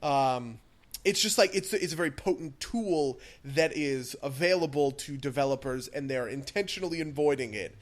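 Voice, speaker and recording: A man's voice: mid-range voice, expressive, moderate pace. Casting: young male podcast co-host, rambling and opinionated, filler-heavy casual chat. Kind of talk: casual chat about games.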